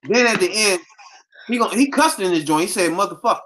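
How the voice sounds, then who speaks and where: A woman's voice: mid-range voice, quick pace, crowd noise. A woman co-hosting a wrestling podcast, talking bluntly and dismissively in very informal speech. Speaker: podcast co-host. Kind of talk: casual chat.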